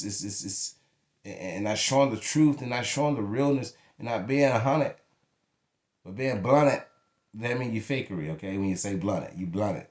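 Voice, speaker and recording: A man speaking to camera in an emotional venting monologue, blunt and emphatic, cursing freely. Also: on the low side. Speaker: vlogger. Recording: echoey room.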